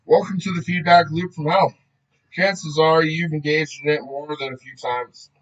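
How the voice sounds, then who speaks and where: A man's voice: on the high side, fairly even intonation, normal speed, highs cut off. A man reading a book aloud in a casual way, often breaking off to joke, swear and laugh.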